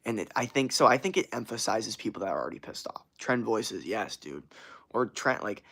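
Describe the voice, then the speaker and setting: A man's voice: on the low side, expressive, a little fast, gravelly, pushed and bright. Rambling, profane young man streamer. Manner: rambling, profane, slangy, laughs often. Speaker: streamer answering chat. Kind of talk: casual livestream chat.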